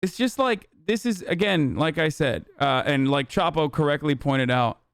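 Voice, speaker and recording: A man's voice: fairly high pitch, expressive, fairly bright tone, clear, resonant tone, no echo. Blunt, profane young man streaming. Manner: profane, blunt and fast-talking. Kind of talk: live stream commentary.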